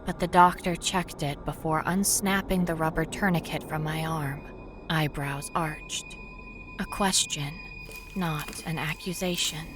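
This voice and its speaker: Hushed, low-voiced young woman narrator. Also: fairly even intonation, a little slow, over music. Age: young adult. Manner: hushed, often whispery. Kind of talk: scripted first-person horror narration.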